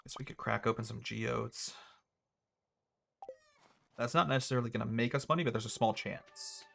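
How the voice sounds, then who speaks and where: A young man casually commentating his own gameplay, thinking out loud with a wry, chatty manner. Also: medium pitch, moderate pace, creaky, soft background music. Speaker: gaming streamer. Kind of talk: casual let's-play commentary.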